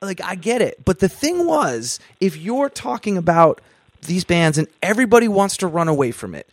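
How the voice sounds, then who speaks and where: A man hosting a podcast interview, talking earnestly in a halting way and repeating himself as he works out a point. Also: high voice, big pitch swings, no echo. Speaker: podcast host.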